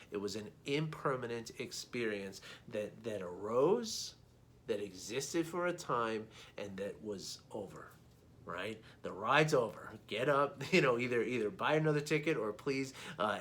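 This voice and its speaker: A man's voice: medium pitch, fairly bright tone. A middle-aged man, a meditation coach, giving an informal teaching talk in a conversational way, often checking in with a questioning "right?".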